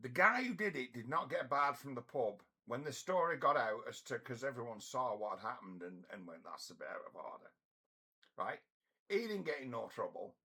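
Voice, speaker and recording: Gravelly, blunt man. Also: mid-range voice, sing-song, normal speed, pushed and bright. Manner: blunt, profane, rambling with frequent restarts. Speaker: storyteller. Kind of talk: casual storytelling monologue.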